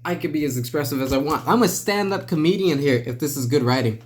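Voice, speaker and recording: Man with a slightly high voice, casual vlog commentary, wry, rambling delivery. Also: expressive, fast talker. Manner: wry, rambling, self-deprecating. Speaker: comics commentary vlogger.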